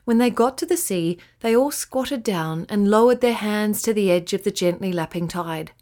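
A woman narrating a children's bedtime story in a gentle, expressive way. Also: mid-range voice, moderate pace.

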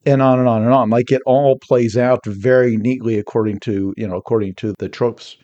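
A man guesting on a podcast, his voice mellow and warm in tone. He talks casually and with energy, slipping into quick mocking quotes as he makes his points. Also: medium pitch. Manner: animated storytelling with quick mock quotes.

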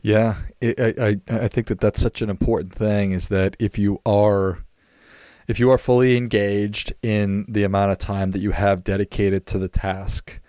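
A man's voice: fairly low pitch, level tone, moderate pace, warm tone, no echo, studio quality. A man hosting an interview, reflecting aloud and often repeating words as he works out his point. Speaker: podcast host. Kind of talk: conversational interview.

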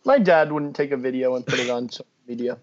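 On a laid-back sports podcast, a young co-host speaks bluntly and rants, cursing freely. He talks quickly in a mid-range voice, recorded on a dull lo-fi mic.

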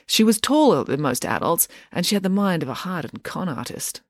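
Brief: animated storybook narrator, dry close studio read. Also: medium pitch, a little fast, no room sound. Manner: lively, expressive storytelling. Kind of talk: scripted audiobook narration.

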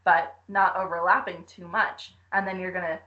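A woman's voice: fairly low pitch, little pitch movement, normal speed, muffled recording. A young woman co-hosting a podcast, giggling as she gives playful cooking instructions. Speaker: podcast co-host. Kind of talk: casual chat.

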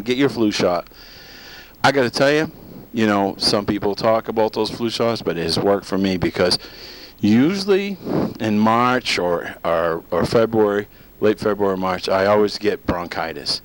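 A man's voice: fairly low pitch, lively intonation, normal speed, a little hiss or hum, poor audio. A middle-aged man hosting a casual solo talk show, rambling and joking in a chatty way. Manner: rambling, jokey, breaks into silly voices. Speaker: host.

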